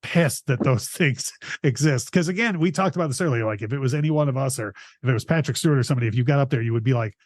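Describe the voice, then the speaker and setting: A man in casual podcast chat, halting and filling gaps with "like". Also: medium pitch, a little mellow, dry recording, studio quality. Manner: filler-heavy, halting. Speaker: podcast guest.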